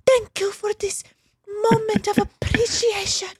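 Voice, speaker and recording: A man putting on an exaggerated falsetto to parody a campy, overly dramatic woman. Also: flat delivery, measured pace. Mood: gushing.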